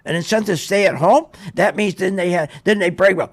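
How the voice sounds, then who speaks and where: A man's voice: sits high, fast talker, hardly any pauses. A man hosting a radio show, delivering sarcastic, ranting market commentary. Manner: ranting, sarcastic, mocks others in put-on voices.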